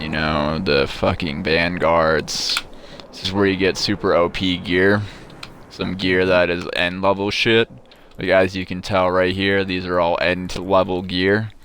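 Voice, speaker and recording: Commenting on his play, a gamer with a deep, somewhat bright voice rambles through profane, sarcastic boasts, frequently restarting his sentences. Slight hiss or hum sits in the background.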